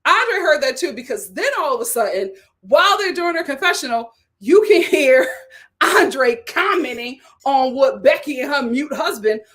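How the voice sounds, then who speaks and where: Woman host doing a casual, animated reality TV recap, high and expressive. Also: moderate pace. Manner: animated storytelling with acted quotes and laughter.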